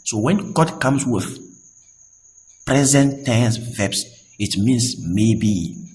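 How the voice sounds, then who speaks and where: A man's voice: medium pitch, very slow, a little mellow, poor audio. A man teaching Arabic grammar in English. He patiently repeats each example and often checks that his students understand. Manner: reads Arabic examples between English explanations. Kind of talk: explaining a lesson.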